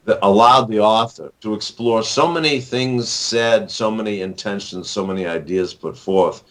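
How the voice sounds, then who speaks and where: He's in his sixties, an author and actor being interviewed casually, and his talk meanders with plenty of fillers and restarts. The pitch is fairly low, the tone a bit bright, the speed normal.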